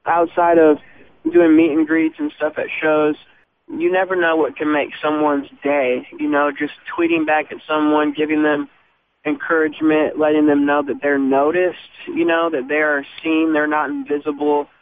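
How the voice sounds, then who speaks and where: Earnest man on a tinny phone line. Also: on the high side. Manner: earnest, reflective, slows for emphasis. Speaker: band member guest. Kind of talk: faith interview answers. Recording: tinny phone-line sound with faint noise.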